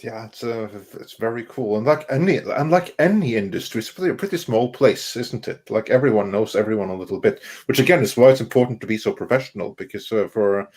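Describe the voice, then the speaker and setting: Relaxed male host with a husky voice. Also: on the low side, brisk, few pauses. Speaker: podcast host. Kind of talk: casual chat.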